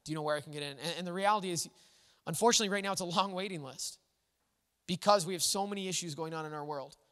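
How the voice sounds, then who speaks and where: A man's voice: high-pitched, fast, fairly bright tone. A man preaching a sermon in an earnest, conversational way, with frequent restarts. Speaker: pastor. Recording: long hall reverb.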